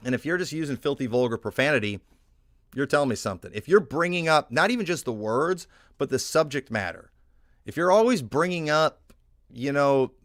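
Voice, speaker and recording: Pastor, male, northern American, mid-pitched, dry close sound, talky sermon with restarts. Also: a bit bright, no room sound. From northern United States. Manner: conversational preaching with frequent fillers and restarts.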